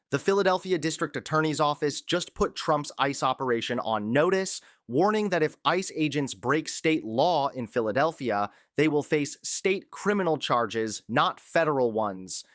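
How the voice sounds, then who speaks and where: A man's voice: a little high, lively intonation, unhurried, few pauses, a bit bright. A man hosting a political commentary video, with an emphatic, dramatic delivery. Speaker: host.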